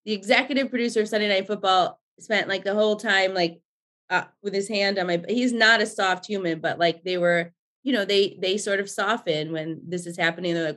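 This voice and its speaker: A woman in her forties, a podcast guest, telling stories in a lively, chatty way and swearing freely. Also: medium pitch, fairly quick. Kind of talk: casual storytelling chat.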